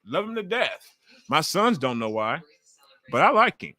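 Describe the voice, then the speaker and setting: Host type: man in his forties, loud and chatty, bright, forceful tone, swears freely while reacting to wrestling live. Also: a little high, very animated, normal speed. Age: 40s. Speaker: livestream host. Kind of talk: casual live wrestling watch-along commentary.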